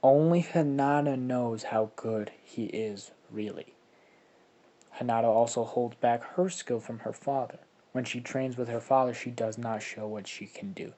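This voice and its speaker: A young man spins a fan-made story off the cuff, rambling and swearing freely as he goes. His voice sits at a middling pitch, and he often chuckles at his own jokes. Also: unhurried, warm tone. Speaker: fan-fiction narrator and channel host. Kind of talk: casual spoken fan-fiction storytelling.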